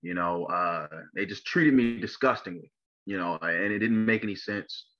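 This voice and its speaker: A young man from Maryland, USA, gives a personal testimony as an interview guest, speaking haltingly in a low voice packed with fillers and false starts. His tone is sharp, but the audio sounds dull.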